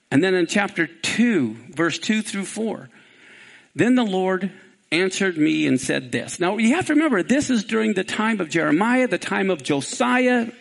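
A man with a Kansas accent teaching through Bible passages, reading verses aloud and explaining them with animated emphasis. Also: sits high, vocal fry. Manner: animated, rising for emphasis on scripture.

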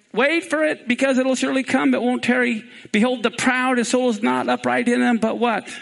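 Man, Kansas accent, Bible teacher, high voice with gravel, animated delivery of verses. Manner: animated, rising for emphasis on scripture.

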